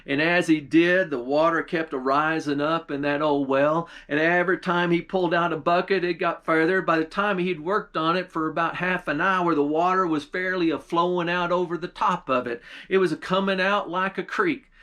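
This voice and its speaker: A male pastor spins a folk tale in a drawling, folksy manner. His voice sits a little on the high side for a man, and he lingers on his words. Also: fairly even intonation, normal speed, few pauses, pushed and bright.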